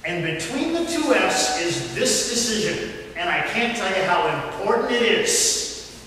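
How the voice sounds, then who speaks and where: A man's voice: sits high, lively intonation, measured pace, sharp tone, slight background noise. A man pastor preaching a sermon and telling a story to his congregation in a church hall. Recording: echoey hall, mic at a distance.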